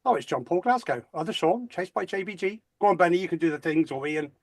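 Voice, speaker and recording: A man's voice: a little high, lively intonation, fast talker, no echo. Brash Northern English man in a dry room. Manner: brash, teasing, swearing. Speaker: co-host running the chat game. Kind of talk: casual banter.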